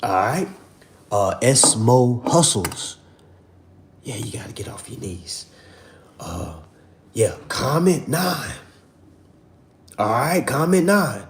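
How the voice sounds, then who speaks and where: Animated man lecturing on a livestream. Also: medium pitch, takes it slowly, long pauses, reverberant, slight background noise. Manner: preachy, repetitive, calls viewers "family" and "y'all". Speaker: livestream host teaching a finance class.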